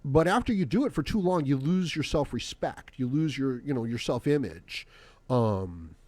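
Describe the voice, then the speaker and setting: Male solo podcaster with a middle pitch, rambling and swearing, recorded dry and close. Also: lively intonation, normal speed, darkish tone, dry recording. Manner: rambling and profane, full of "you know" fillers. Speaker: podcast host.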